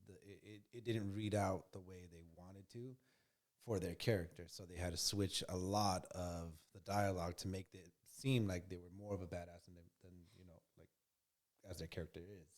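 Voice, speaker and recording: Rambling low-voiced man discussing a movie. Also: fairly even intonation, moderate pace. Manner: rambling, lots of fillers and repeats. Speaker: co-host. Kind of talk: casual movie review chat.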